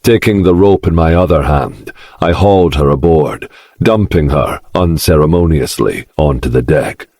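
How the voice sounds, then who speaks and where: A man narrating a dark first-person romance audiobook in a slow, brooding manner. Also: extremely low pitch, dry recording, clean studio sound.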